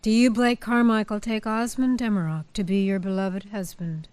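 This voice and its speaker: A woman officiating a wedding, leading the couple through their vows in a warm, playful, coaxing way. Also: medium pitch, steady tone, moderate pace, smooth, dry recording.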